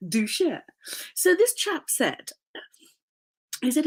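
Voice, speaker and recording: A woman's voice: high voice, wildly swooping pitch, measured pace, pauses often. A woman life coach in casual podcast chat, nasal and congested from a cough, rambling and laughing often.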